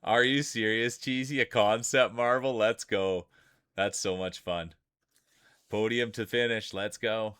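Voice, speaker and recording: Lower-voiced man calling a game with hype. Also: unhurried, clean tone, dry recording, studio quality. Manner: excitable, joking, hypes up players. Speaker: streamer and game commentator. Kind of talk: playful sports-style play-by-play commentary.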